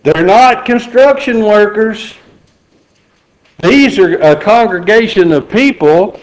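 A man's voice: high voice, expressive, slow, rough recording. A middle-aged man preaching a sermon in a folksy, joking way. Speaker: pastor.

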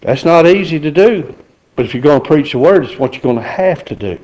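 A man's voice: on the high side, lively intonation, a little fast, darkish tone, poor audio. A middle-aged man preaching a sermon in a folksy, joking way. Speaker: pastor.

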